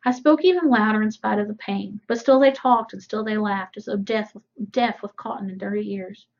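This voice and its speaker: A woman's voice: mid-range voice, a little fast, a little mellow, muffled recording. A woman teacher reading a novel aloud to a class, breaking off for casual explanations. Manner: casual asides between readings.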